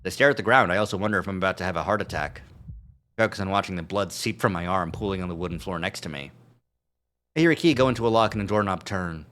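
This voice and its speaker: Deep-voiced man reading a story aloud. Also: fast talker, a bit bright, slight background noise. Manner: reads narration with asides and chuckles. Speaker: streamer. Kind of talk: reading a visual novel aloud on a live stream.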